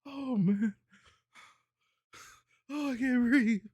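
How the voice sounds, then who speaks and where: A man's voice: very high-pitched, very slow, a little mellow, husky, no room sound, clean studio sound. A man streaming from home, reacting to videos in casual chat and laughing constantly through his loose, slangy banter.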